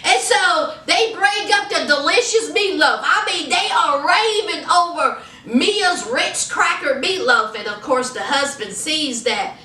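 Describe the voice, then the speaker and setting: Sassy lady recapping a tv show, bright sharp voice, echoey room. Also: sits high, animated, a little slow, few pauses, far from the mic. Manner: sassy, chatty, calls viewers honey and child. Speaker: TV episode reviewer. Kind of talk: casual TV recap.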